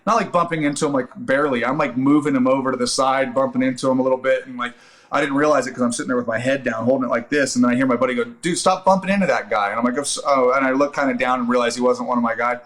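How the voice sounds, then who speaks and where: Guy in his 30s rattling off a wild story quick, swears a lot, super animated. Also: medium pitch. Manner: fast, profane, animated storytelling. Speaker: podcast guest, actor and Army veteran. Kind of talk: casual storytelling chat.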